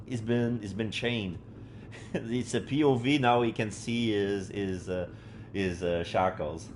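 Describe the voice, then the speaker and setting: Low-voiced, rambling male streamer. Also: measured pace, noisy background. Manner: rambling, full of fillers and restarts. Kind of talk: live game commentary.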